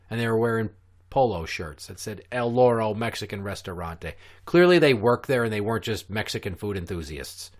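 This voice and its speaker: A man with a fairly low voice tells a story on his podcast, cursing freely. He talks casually and with lots of animation. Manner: profane, animated. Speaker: podcast host.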